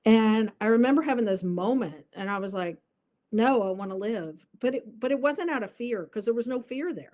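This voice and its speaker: A woman's voice: on the high side, lively intonation, brisk, darkish tone. A woman guest in an interview, telling a personal story earnestly and vividly, with many fillers.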